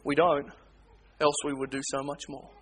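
A man preaching a sermon, swinging between hushed pleading and loud, urgent appeals. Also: on the high side, little pitch movement, normal speed. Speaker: pastor.

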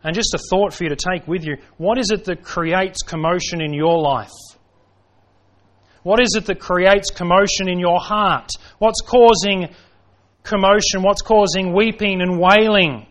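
A man delivers a sermon from the pulpit. His voice sits a little high, and he builds his points with repeated rhetorical questions. He acts out the voices of the people in the story as he goes. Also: measured pace, fairly bright tone. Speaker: pastor.

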